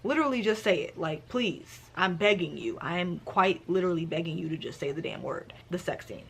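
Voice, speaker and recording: A woman's voice: on the low side, brisk, gravelly. Sassy book-vlogger woman, faint room hum. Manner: animated, sassy, slangy, exaggerated. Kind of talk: casual book review chat.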